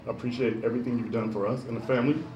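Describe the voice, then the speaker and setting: A tearful man speaking as a proud father and coach, halting and heartfelt, at a school ceremony. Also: mid-range voice, fairly even intonation, a little mellow. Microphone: handheld microphone. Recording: echoey noisy room.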